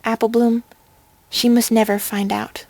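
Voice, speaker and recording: A woman's voice: fairly high pitch, flat delivery, unhurried, mellow, no room sound. A woman voicing a grave, wise young unicorn mentor in a storybook reading. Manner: solemn and earnest.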